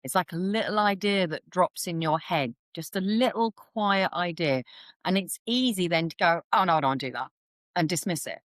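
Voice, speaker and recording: A woman's voice: on the low side, moderate pace, no room sound. A woman, a guest explaining things chattily in a podcast interview and acting out quoted voices as she goes. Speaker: intuitive reader, podcast guest.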